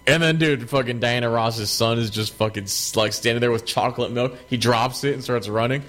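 A man's voice: medium pitch, a little fast. Rambling, swearing young man. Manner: animated, rambling, profane. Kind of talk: casual chat.

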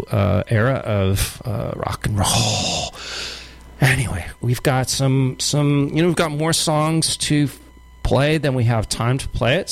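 A middle-aged man hosting a community radio show, back-announcing songs in a relaxed, rambling way with many fillers and restarts. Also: medium pitch.

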